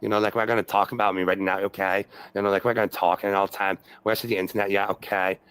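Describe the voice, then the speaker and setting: Low-voiced fast-talking ranting man. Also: level tone, fairly bright tone, clear, resonant tone, rough recording. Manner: profane, repetitive, full of fillers and "okay"s. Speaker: streamer in a replayed stream clip. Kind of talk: rambling livestream rant.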